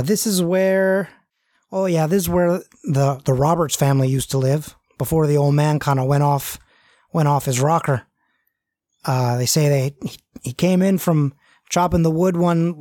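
A performer voicing a rowdy male ghost hunter with a gentle upper-Midwest drawl, chatty and hesitant. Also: mid-range voice, fairly even intonation, normal speed, dry recording, studio quality, natural voice. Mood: eager.

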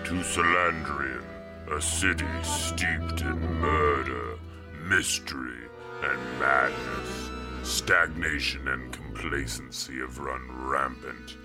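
A man's voice: extremely low pitch, fairly even intonation, slow. A man giving an ominous, theatrical scripted introduction. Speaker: show intro announcer. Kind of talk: dramatic scripted narration. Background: music.

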